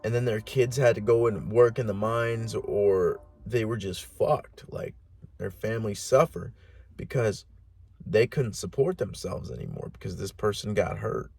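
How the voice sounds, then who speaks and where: A man's voice: fairly low pitch, measured pace, gravelly, a little mellow, breathy edge. A man hosting a podcast alone, rambling in a casual monologue with heavy swearing, lots of "like" and restarts. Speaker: podcast host.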